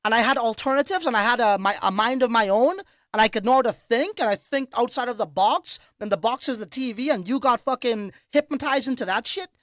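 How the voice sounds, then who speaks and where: A man hosting a livestream, telling stories in casual, profane, animated chat. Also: extremely high pitch, brisk, dry recording, clean studio sound. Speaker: crypto livestream host.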